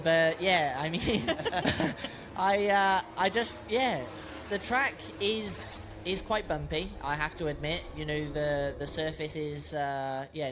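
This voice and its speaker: Male racer, casual interview, halting delivery, a touch high-pitched. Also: noisy background. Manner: hesitant, halting with many restarts. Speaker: motorcycle racer. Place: outdoors at a racetrack campsite.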